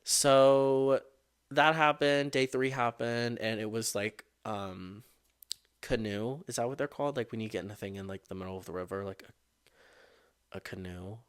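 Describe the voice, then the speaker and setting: A man's voice: on the low side, steady tone, normal speed, smooth. A young man hosting his own podcast, retelling a childhood story in a casual, profane and exasperated way. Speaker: podcast host.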